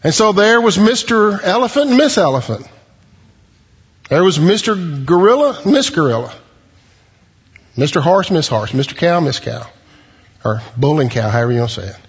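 A male pastor preaching a sermon in an animated, storytelling way with joking asides. His voice is fairly high and husky. It rings through a hall with a long reverb, on a dull, lo-fi recording. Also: normal speed, pauses often.

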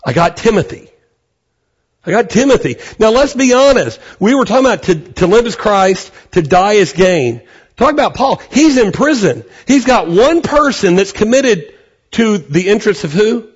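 High-voiced man preaching a lively sermon. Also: moderate pace, breathy edge, dull audio. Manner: animated, conversational preaching with acted quotes. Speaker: pastor.

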